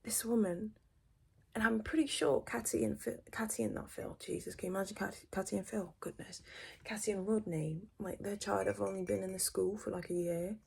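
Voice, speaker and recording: A young British ASMR creator does a whispered role-play close to the mic, gossiping quickly and moving between whispers and a soft voice. Her medium-pitched voice is creaky and husky.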